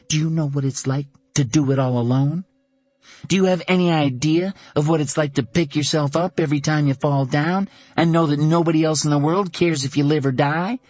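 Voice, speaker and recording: A man reading an audiobook, voicing a fierce blunt woman who survived a hard injury and lashes out in rapid scolding. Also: a little high, a little mellow, slightly rough, no echo, pitched above the performer's own voice. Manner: mocking then furious, rapid scolding. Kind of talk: audiobook character voice.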